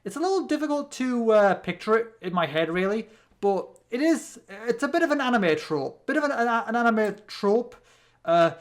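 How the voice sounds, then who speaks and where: British let's play host, rambling commentary, stumbles and restarts a lot, middle-pitched voice. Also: very animated, moderate pace. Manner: rambling, with many restarts and fillers. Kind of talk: gameplay commentary.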